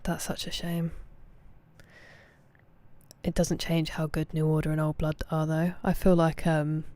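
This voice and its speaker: A woman, casually chatting with viewers on a game stream, thanking them by name and sometimes dropping to soft murmurs. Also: low-pitched, flat delivery, measured pace. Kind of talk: casual livestream chat.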